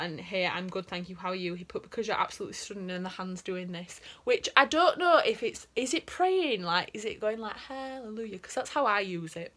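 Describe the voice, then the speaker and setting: A young woman vlogs in a casual, chatty way, reading out messages one after another. She giggles often, and her voice sits at an ordinary middle pitch. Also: sharp tone. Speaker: vlogger.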